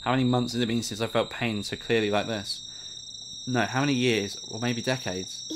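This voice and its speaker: A man's voice: fairly even intonation, moderate pace, very noisy. A man reading a visual novel's text aloud for a playthrough, shifting his voice between characters. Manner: reads all parts, shifting pitch for characters. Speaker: game playthrough narrator. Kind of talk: reading game dialogue aloud.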